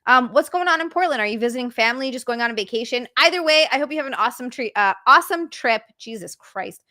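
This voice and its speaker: A woman hosting a casual live stream, reading out chat and gushing with excited thanks. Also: fairly high pitch, fast, no echo, studio quality. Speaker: streamer host.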